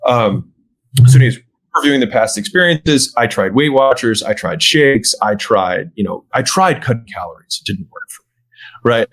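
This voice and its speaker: A man as a podcast guest, explaining how he sells fitness programs in casual conversation and often checking in with a quick "right?". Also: mid-range voice, animated, a bit bright, rough recording. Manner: acts out sales dialogue, often tags "right?". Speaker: podcast guest, gym business owner.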